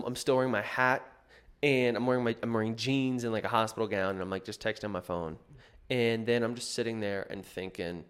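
A man's voice: medium pitch, clear, resonant tone. A man telling a personal story in a casual, rambling way, full of fillers and restarts. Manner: rambling, filler-heavy, self-correcting.

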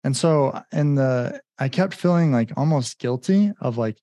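An earnest man speaking on a podcast at a middle pitch, sounding close and dry with no room around him. He tells a personal story casually and leans on "like" as a filler while acting out remembered conversations. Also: animated, measured pace, mellow, no room sound, highs cut off. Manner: earnest, heavy use of "like" fillers, acts out remembered dialogue. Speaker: podcast guest.

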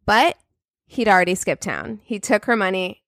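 A woman's voice: medium pitch, normal speed, gravelly, no echo. Profane storytelling woman, dry sound. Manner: animated, profane, acts out quoted people. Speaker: podcast co-host telling a story. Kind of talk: casual storytelling chat.

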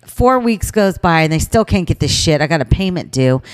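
Middle-aged woman, low voice with a lively lilt, swears freely in a casual podcast chat. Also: moderate pace, clear, resonant tone. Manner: profane, animated storytelling. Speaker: podcast co-host.

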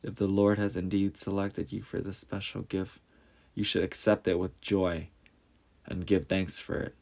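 A man's voice: sits low, flat delivery, a little slow, a little mellow. A man voicing Mary, a humble young village woman, in a storybook reading. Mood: earnest. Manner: timid, then joyful.

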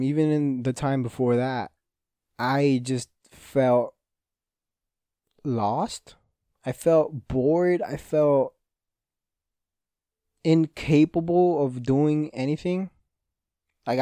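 A man's voice: medium pitch, mellow, smooth, no echo. A young man hosting a solo podcast, rambling and swearing freely, often cutting himself off mid-thought. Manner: rambling, frequent swearing, self-interrupting. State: injured hand, restless. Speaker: podcast host. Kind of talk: casual solo podcast monologue.

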